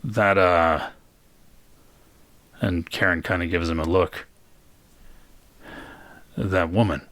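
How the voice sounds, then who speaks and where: A man running a tabletop game as game master, narrating scenes and asking questions in a relaxed way, laughing easily. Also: deep voice, slow, no room sound.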